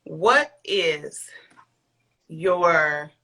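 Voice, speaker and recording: A woman's voice: low voice, lively intonation, drawn-out words, sharp tone. A woman hosting a casual podcast, frank and blunt as she asks questions. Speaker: podcast host.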